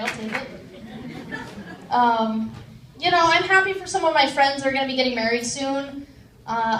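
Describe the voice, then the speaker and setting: A woman in her twenties doing a deadpan, self-deprecating stand-up set with lots of "um"s. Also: a little high, slight background noise. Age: 20s. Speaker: stand-up comedian. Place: comedy club stage. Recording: roomy, distant live stage mic.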